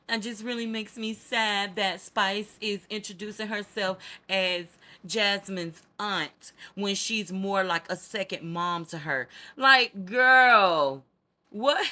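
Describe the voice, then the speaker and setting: A woman's voice: lowish voice, pushed and bright. A woman hosting a reality TV recap, talking to viewers in a sassy, slangy, casual way.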